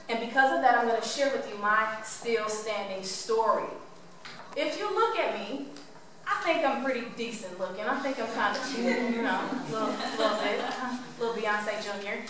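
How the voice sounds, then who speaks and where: A woman tells her story to a live audience. She is animated and playful, and she keeps asking the crowd questions. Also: fairly high pitch, normal speed, background noise. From Cleveland, Ohio. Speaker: motivational speaker. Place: room with an audience. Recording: echoey room from far off.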